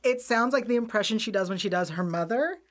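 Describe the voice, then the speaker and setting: A woman's voice: mid-range voice, quick pace. A woman co-hosting a casual TV recap show, recapping plots in long run-on strings and laughing often. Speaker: podcast co-host.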